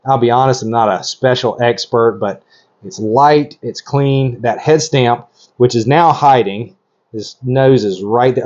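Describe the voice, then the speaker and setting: A middle-aged man narrating a hands-on video as a reptile breeder, excited and gushing, rambling with lots of ums. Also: mid-range voice, measured pace, highs cut off.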